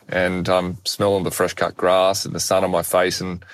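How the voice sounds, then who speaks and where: Man, deep voice, animated storyteller, dry close sound. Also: moderate pace, no echo. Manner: animated, self-deprecating storyteller. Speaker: guest speaker. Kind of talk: personal storytelling in conversation.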